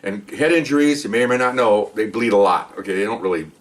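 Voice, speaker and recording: A man's voice: fairly low pitch, expressive, quick pace, far from the mic. An older man, a retired police officer, tells rambling stories in a casual monologue, often repeating words and asking "okay?".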